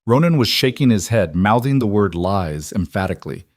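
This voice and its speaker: A man narrating a fantasy romance audiobook in steady, measured scripted narration. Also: lowish voice, dry recording, clean studio sound.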